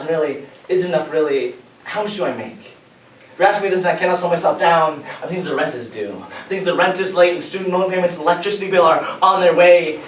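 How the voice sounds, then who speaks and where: Young male spoken-word poet, high voice, rhythmic and emphatic, recorded in a roomy hall from afar. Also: slight background noise. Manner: rhythmic, building intensity, emphatic delivery. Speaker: competing poet. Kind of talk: spoken-word poetry performance. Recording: roomy, distant mic, faint ambience.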